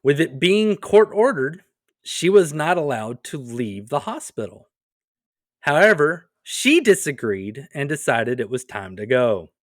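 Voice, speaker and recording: A man's voice: medium pitch, no echo, studio quality. A man co-hosting a comedy podcast, telling stories casually with wry joking asides. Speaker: podcast co-host.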